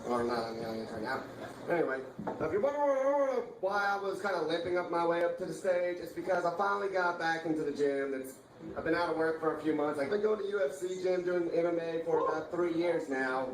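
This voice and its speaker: A man doing a stand-up set in a deadpan, matter-of-fact way. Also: fairly high pitch, a little fast, reverberant, slight background noise, rough recording. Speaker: stand-up comedian.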